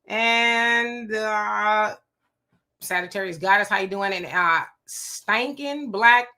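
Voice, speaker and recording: Bright-voiced woman hosting a livestream. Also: mid-range voice, slow. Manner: chatty, greets viewers by name. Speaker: livestream show host. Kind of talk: casual live-stream chat.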